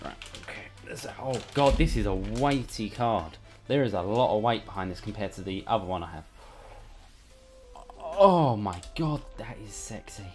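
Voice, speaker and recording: A man with a fairly low, darkish-toned voice talks briskly while unboxing gear. This hardware reviewer is casual and irreverent, working in his bedroom beneath a studio light, with faint music in the background.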